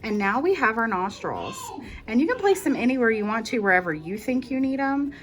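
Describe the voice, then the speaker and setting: A woman's voice: fairly high pitch, big pitch swings, brisk, soft background music. A woman hosting a casual crochet tutorial, walking through each step in a chatty, reassuring way and correcting herself as she goes.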